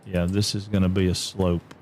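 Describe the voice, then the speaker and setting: A man with a low, gravelly voice talks half to himself as he plays and builds. He mutters plans and second thoughts in a casual, unhurried way, with a faint hiss behind him. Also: little pitch movement, a little mellow. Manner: muttering, thinking aloud while building. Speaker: streamer. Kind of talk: casual gameplay commentary.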